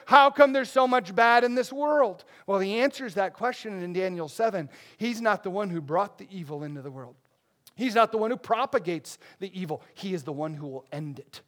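A man preaching a sermon, reading scripture verses with earnest emphasis and a few self-corrections. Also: sits high. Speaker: pastor.

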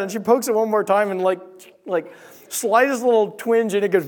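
A young man tells a story from the pulpit, his voice sitting a little high. He speaks in an animated way and acts out the voices and sound effects in his story. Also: fairly quick. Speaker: preacher. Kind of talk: sermon storytelling.

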